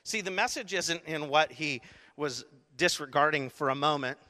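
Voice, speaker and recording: At normal speed, a male pastor gives a lively sermon, his voice high, bright and full of force. He dramatizes the scene, jumping from hushed asides to sudden shouts, all carried by the lengthy reverb of a big hall.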